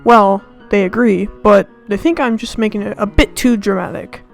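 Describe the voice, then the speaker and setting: A sarcastic American student woman rants on her channel with a gravelly, fry-laden voice. Her complaints are deliberately overblown and mocking. Faint music plays behind her. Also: mid-range voice, steady tone, poor audio. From United States. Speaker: channel host. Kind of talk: comedic rant to camera.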